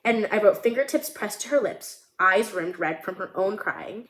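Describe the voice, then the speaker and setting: A woman vlogger talking casually and emotionally about her screenplay, with lots of "like" fillers. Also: medium pitch. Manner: emotional, animated, many fillers like "like". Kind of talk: casual chat. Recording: roomy echo.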